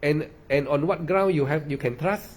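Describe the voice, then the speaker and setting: A man's voice: on the high side, normal speed. A man leads a meditation talk in a slightly raised voice. He repeats his points emphatically, dropping "ah" and "lah" between phrases. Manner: repetitive, emphatic, with frequent "ah" and "lah". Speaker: meditation teacher. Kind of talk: dharma talk.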